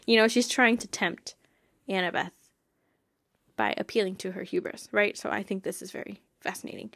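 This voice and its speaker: Excitable young woman, dry sound. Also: medium pitch, no room sound. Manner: enthusiastic, laughs often. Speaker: podcast host. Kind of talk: casual chat.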